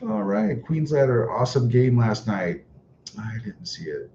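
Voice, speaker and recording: A man's voice: medium pitch, expressive, normal speed, gravelly, darkish tone. A man chatting on a livestream, his talk sarcastic and full of mocking chuckles. The audio is dull and lo-fi, with a faint hiss behind him. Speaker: livestream host reading chat. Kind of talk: casual livestream chat.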